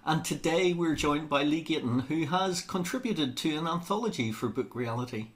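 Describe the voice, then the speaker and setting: A man's voice: a little high, lively intonation, normal speed. A man, hosting a podcast and interviewing an author in a friendly, conversational way. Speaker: podcast host. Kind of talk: scripted intro then casual interview.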